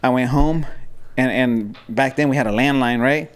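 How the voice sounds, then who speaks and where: Speaking at a moderate pace in a mid-range voice, this forties-aged Southern Californian brings a story to life on a laid-back podcast. He performs the characters' voices and now and then drops into Spanish.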